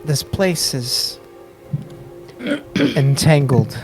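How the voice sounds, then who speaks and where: A man's voice: on the high side, very animated, a little mellow, soft background music, heavily acted. A man voicing a formal, courteous elf. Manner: formal, measured speech.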